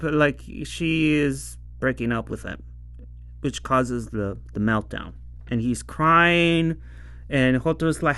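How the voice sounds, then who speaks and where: A man's voice: fairly high pitch, a bit bright, clear, resonant tone, no echo. A man casually reviewing a TV episode, rambling and laughing often as he acts out the lines. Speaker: show reviewer.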